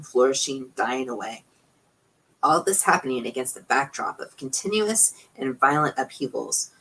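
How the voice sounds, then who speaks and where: Casting: sardonic male scientist, sighing and lecturing, read by a low husky-voiced woman. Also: fairly bright tone, exaggerated voice, poor audio.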